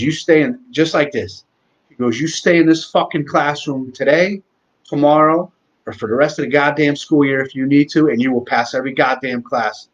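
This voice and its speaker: Guy in his 40s on a lo-fi live stream, rambly and heartfelt, swears a lot, pitch in the middle. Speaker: host. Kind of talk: casual live-stream talk.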